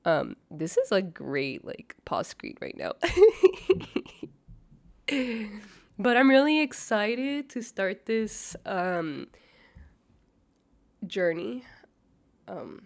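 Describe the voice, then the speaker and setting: A woman's voice: mid-range voice, very animated, extremely slow, vocal fry, pauses often, no room sound. A young woman host with a slightly nasal voice from a cold, chatting casually and judgmentally through a reaction video with lots of fillers. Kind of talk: casual commentary.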